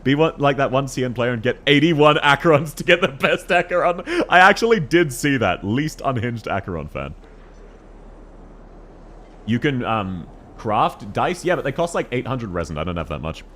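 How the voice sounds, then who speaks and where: A man streaming a game live, chatting excitedly with viewers and giggling often. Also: medium pitch, moderate pace. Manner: excitable, giggly, reacts to chat messages.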